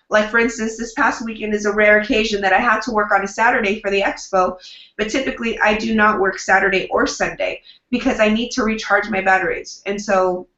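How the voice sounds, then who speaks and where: This is a woman publicist in a casual interview, talking in an upbeat, chatty way. Her tone is bright and forceful. She acts out snippets of what she says to clients. The recording is roomy and somewhat lo-fi. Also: mid-range voice. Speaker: publicist, guest. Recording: roomy, dull lo-fi sound.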